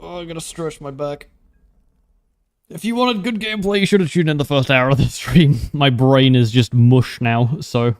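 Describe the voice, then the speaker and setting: A man's voice: mid-range voice, moderate pace, few pauses, a little mellow, no room sound. Laid-back young man streaming a game. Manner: laid-back, wry, laughs often, answers chat questions. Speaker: livestreamer. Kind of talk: casual gameplay commentary.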